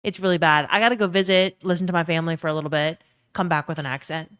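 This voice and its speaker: A woman's voice: fairly low pitch, steady tone, quick pace, a bit bright, clear, resonant tone. A young woman from Louisiana with a faded Southern accent, chatting casually on a live stream, swearing freely and greeting viewers by name. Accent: faded Southern American.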